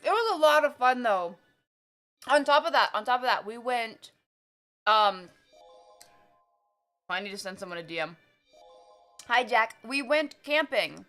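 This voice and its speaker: A woman streaming live, chatting casually with viewers and reading their messages, excitable and laughing often while she eats. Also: a little high.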